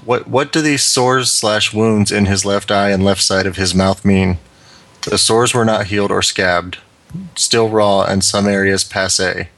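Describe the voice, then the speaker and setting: A man's voice: lowish voice, fairly even intonation, unhurried, fairly bright tone. A man co-hosting a comedy podcast, reading out a long listener letter with wry asides.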